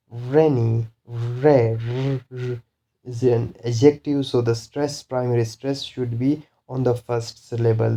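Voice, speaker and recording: Slow, very mellow-voiced man teaching pronunciation; deliberate, repeats examples, coughs at times. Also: medium pitch. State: coughing now and then. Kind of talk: recorded lesson.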